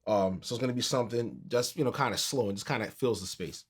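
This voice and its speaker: A man teaching a keyboard tutorial in a relaxed, conversational way, counting beats aloud as he plays. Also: lowish voice, quick pace, breathy edge. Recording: piano music under the voice.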